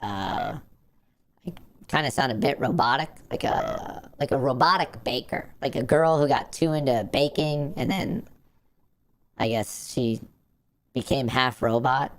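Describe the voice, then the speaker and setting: A man's voice: mid-range voice, measured pace. A man using a voice changer to sound like a girl, and the result comes out robotic. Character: girl persona, young woman, half robot.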